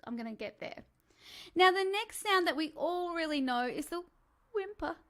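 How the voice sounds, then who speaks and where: A woman with an extremely high, expressive voice and a fairly bright tone speaks at a normal speed while coaching a live-streamed singing lesson. Chatty and encouraging, she demonstrates vocal sounds like sighs, whimpers, and calls.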